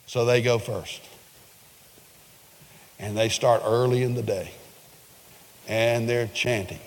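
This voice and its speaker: Animated preacher man in a reverberant hall. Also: slow pace. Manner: animated storytelling, jumps high when acting out scenes. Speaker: pastor. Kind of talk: sermon.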